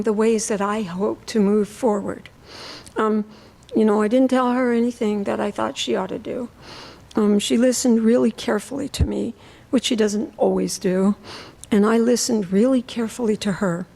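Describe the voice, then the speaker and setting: A woman, a science teacher, telling a personal story at a worship service in a halting way with many fillers. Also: on the high side, vocal fry, a little mellow, rough recording. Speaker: lay speaker sharing a reflection.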